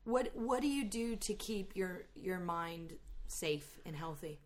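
A woman's voice: fairly low pitch, lively intonation, crowd noise. Playful woman podcast host. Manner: playful, quick reactions and laughter. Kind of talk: casual interview chat.

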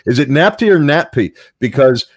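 A man's voice: mid-range voice, lively intonation, normal speed, no room sound, clean studio sound. A man hosting a podcast, asking long rambling questions in a casual chat. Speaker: podcast host.

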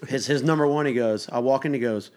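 A man, co-hosting a casual podcast chat and telling animated stories. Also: mid-range voice, fast. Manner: animated storyteller doing his dad's voice. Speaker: podcast co-host.

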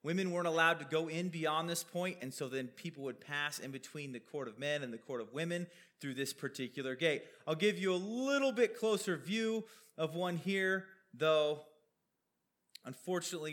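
A man teaches a sermon verse by verse, talking through his slides in a relaxed, conversational way and putting questions to his listeners. His voice is bright and sits a little high for a man. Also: fairly quick. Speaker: preacher teaching a Bible passage.

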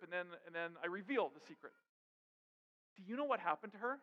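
A man's voice: sits high, expressive, fast, long pauses, sharp tone. A man preaching a sermon as pastor, with emphatic rhetorical questions. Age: adult with young daughters. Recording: dull sound with long hall reverb.

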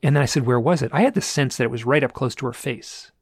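A man's voice: mid-range voice, fast, slightly rough, no room sound, studio quality. A man telling a personal story in a casual, rambling way, with restarts and repeated phrases. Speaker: guest telling an experience.

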